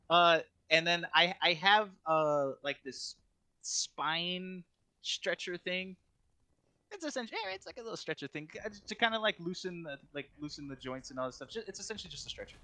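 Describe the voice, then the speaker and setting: A man's voice: a little high, lively intonation, normal speed, pushed and bright, no echo. A young man co-hosting a podcast, telling a story in casual chat, rambling with constant filler words and restarts. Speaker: podcast co-host.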